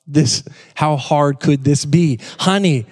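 A man's voice: fairly high pitch, slow pace, darkish tone, slightly rough. A preacher acting out a self-assured husband who waves off the instructions and coaxes his wife to trust him. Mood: cocky. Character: cocky husband ignoring assembly instructions.

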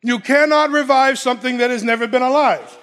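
A man's voice: very high voice, a little fast, fairly bright tone. A man preaching a sermon, emphatic, repeating key phrases and laughing between points.

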